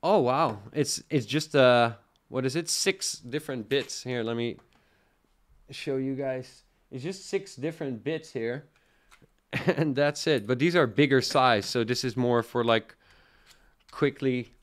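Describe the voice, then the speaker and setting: A man's voice: mid-range voice, measured pace. A young Dutch man with a faint Dutch accent, hosting a casual live product review and chatting with viewers, rambling with lots of fillers. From Netherlands. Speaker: tech livestream host.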